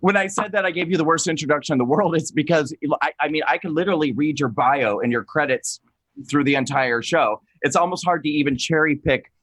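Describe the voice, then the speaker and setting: A man hosting a political talk show, excitable and gushing, rambling with many restarts and self-corrections. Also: fairly high pitch, brisk, no echo, poor audio. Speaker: host.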